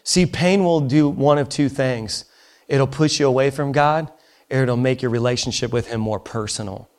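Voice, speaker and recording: A man preaching a sermon in a church, impassioned, dropping to a hush and rising to near shouts. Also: mid-range voice, normal speed. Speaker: pastor. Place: church auditorium.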